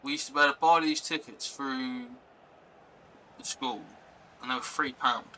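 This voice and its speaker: A man's voice: mid-range voice, steady tone, moderate pace, bright, forceful tone, low-quality recording. A young man chatting casually on a live stream, rambling and reacting to chat and gameplay.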